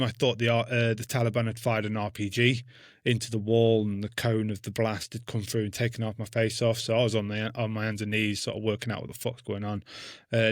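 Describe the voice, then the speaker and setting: Blunt, swearing ex-soldier. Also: male voice, on the low side, fairly bright tone, no echo, clean studio sound. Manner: blunt, heavy swearing, acts out his own past words. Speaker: guest, army veteran. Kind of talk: casual storytelling.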